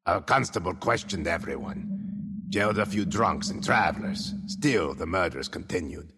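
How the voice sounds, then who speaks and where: A brooding old blacksmith, voiced by a man, speaks low and gravelly. His telling swings widely in pitch with forceful, grim emphasis. A long hall reverb trails every line. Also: expressive, moderate pace, exaggerated voice. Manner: grim, emphatic storytelling with sudden shouts. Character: gruff old male village blacksmith, brooding.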